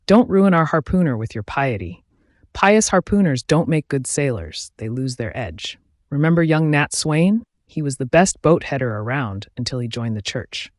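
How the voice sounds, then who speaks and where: A man's voice: mid-range voice, animated, moderate pace, no room sound, clean studio sound, close to an everyday voice. A man voicing a blunt old sea captain who scoffs impatiently at piety.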